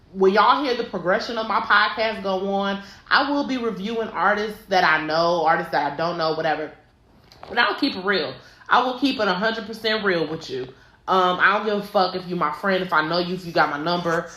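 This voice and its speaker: A woman's voice: lowish voice, a bit bright. A young woman hosting a solo podcast, giving a casual, candid album review in a chatty, blunt way with some swearing. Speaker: podcast host.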